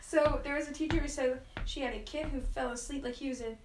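High bright woman, roomy echo. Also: fairly even intonation, fast talker, crowd noise. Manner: storytelling, giggly, lots of "like". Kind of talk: casual chat between friends.

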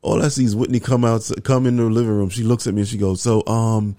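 A young man and father telling a family story in casual chat, slangy and animated, acting out what people said. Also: mid-range voice, fast, hardly any pauses, no echo, clean studio sound. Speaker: co-host, father.

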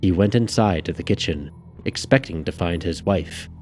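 A man narrating an audiobook in a measured, steady reading, with faint music behind. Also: deep voice.

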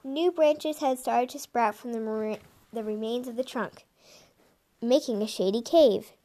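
A woman reading an animal storybook aloud in a lively, expressive way. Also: a little high, a little slow. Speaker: reader.

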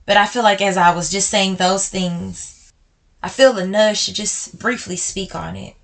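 A woman with a bright, forward voice talks straight to her podcast listeners. She is blunt and emotional and calls them y'all, slowing right down on the heavy parts and then rushing ahead. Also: mid-range voice, fairly even intonation, creaky. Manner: swings between slow and quick speech. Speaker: podcast host. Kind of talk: personal talk to listeners.

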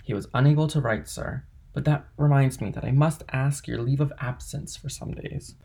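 A man's voice: mid-range voice, normal speed, gravelly, darkish tone, slightly rough. A man reading the part of an earnest, devoted young sailor who speaks respectfully to his employer in an audiobook.

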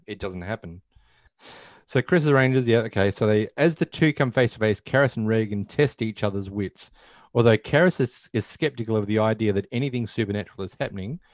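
Low-voiced man in casual film chat. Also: darkish tone, dry recording. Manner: retells scenes, acting out lines, many fillers. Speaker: podcast co-host.

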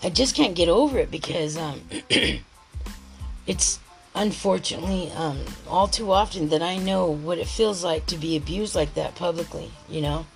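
A woman's voice: on the low side, moderate pace, creaky, faint music behind, low-quality recording. A woman podcast host in a rambling, heated monologue, swearing constantly and restarting her thoughts.

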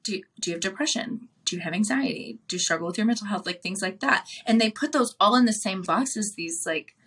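A woman's voice: mid-range voice, expressive, a little fast, a bit bright, husky. A woman talking casually on a podcast, laughing often and acting out both sides of everyday conversations. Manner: laughs often while telling stories. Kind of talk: casual chat.

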